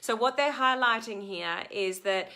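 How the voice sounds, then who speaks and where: A woman's voice: fairly high pitch, a little slow, vocal fry, pushed and bright. A middle-aged Australian woman coaching on social media in a chatty live stream, reading out and answering viewer comments with frequent ums.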